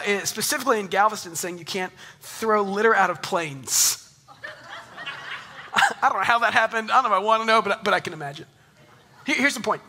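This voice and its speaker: A man in his thirties preaching a sermon in an animated, conversational way, joking with the congregation. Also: high voice. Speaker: pastor. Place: church in Texas.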